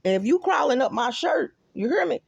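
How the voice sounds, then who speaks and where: A woman with a Texan accent rambling excitedly to her viewers in a casual phone vlog, often calling them y'all. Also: high-pitched, brisk, vocal fry, breathy edge, dry recording, lo-fi sound. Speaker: vlogger. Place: apartment and stairwell, indoors. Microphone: phone camera held close.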